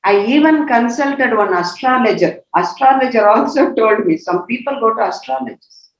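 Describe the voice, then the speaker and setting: A woman's voice: on the high side, animated, moderate pace. A woman, a religious sister, giving a spiritual retreat talk, emphatic, repeating key words and asking rhetorical questions. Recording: echoey, slightly dull recording.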